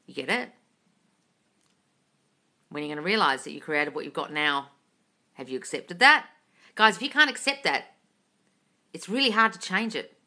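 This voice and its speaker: A woman's voice: low voice, expressive, moderate pace, long pauses, sharp tone. A woman manifesting coach on a casual live stream, reading chat questions aloud and answering bluntly with a lot of swearing, with a slight British intonation.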